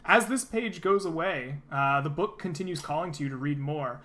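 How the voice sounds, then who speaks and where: Bright-voiced man narrating a tabletop game. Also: on the high side, moderate pace. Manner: relaxed narration full of uh and um. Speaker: game master.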